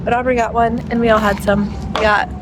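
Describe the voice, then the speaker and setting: A woman's voice: fairly high pitch, little pitch movement, quick pace, background noise. A young woman chatting casually in a rambling, laughing way as she vlogs her day. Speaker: vlogger. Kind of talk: casual vlog chat.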